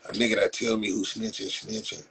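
A man's voice: fairly low pitch, normal speed, noisy background. A man from Compton in Los hosts a live stream, mocking viewers in profane, casual talk with frequent laughs. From Compton, Los Angeles.

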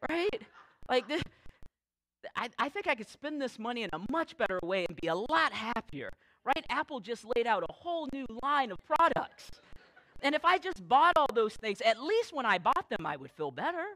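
A man preaching a sermon as pastor, telling candid stories with dry, self-deprecating humor and slowing down to stress key phrases. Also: very high voice, very animated, sharp tone, no room sound, rough recording. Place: church service, recorded live.

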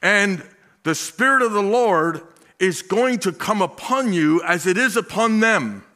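Bright-voiced man preaching. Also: high voice, animated. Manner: folksy asides with chuckles; slow, drawn-out delivery with emphatic swells. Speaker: pastor. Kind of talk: sermon.

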